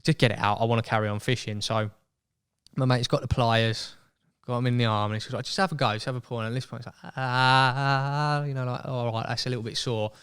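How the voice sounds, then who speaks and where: A young man telling a story as a podcast guest in casual chat, animated and acting out voices. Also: mid-range voice, fairly quick, clear, resonant tone. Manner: chatty, animated, acts out quoted voices.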